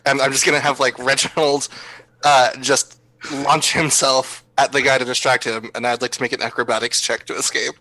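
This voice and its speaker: Player at a tabletop game, bit hesitant, bright tone. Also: mid-range voice, level tone, brisk, low-quality recording.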